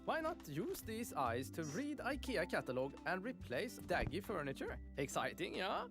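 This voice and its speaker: A man's voice: sits high, wildly swooping pitch, moderate pace, exaggerated voice. A man playing a cheerful male furniture salesman in a comic ad, with a mock Swedish accent and broken English. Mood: salesy. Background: music.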